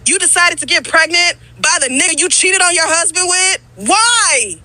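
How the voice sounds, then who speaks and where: A woman's voice: extremely high pitch, animated, moderate pace, bright, forceful tone, poor audio. A woman co-hosting a podcast, ranting bluntly and profanely in a scolding tone. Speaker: podcast co-host. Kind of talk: podcast rant.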